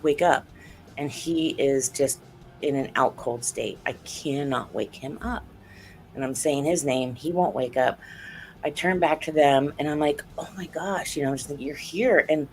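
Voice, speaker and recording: A woman guest, an author and researcher, telling a personal story in an interview and acting out what was said. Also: rumbling low. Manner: animated, acts out quoted dialogue, earnest.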